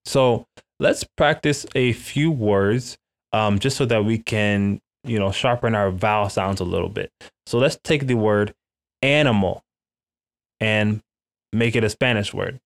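A man with a slightly low voice leads a beginner Spanish lesson. He drills the vowel sounds slowly and carefully for listeners to repeat after him. He checks in with "okay?" again and again. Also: gravelly. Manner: frequent "okay?" check-ins with learners. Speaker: Spanish teacher.

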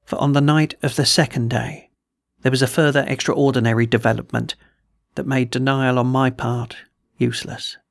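A man narrates an audiobook with a gravelly, textured voice at a middling pitch. His reading is measured and steady, in the manner of a practised storyteller. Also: dry recording, studio quality. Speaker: audiobook reader and podcast host.

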